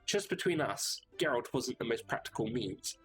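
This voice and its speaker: A man's voice: mid-range voice, lively intonation, moderate pace, close to an everyday voice. A man voicing a pompous male knight in plate armor who talks in grandiose, mock old-fashioned words, over faint music.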